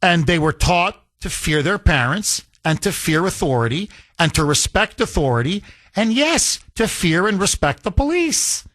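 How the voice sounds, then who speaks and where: A man hosting talk radio, telling a story in an animated way into a studio microphone. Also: high voice, normal speed, no room sound.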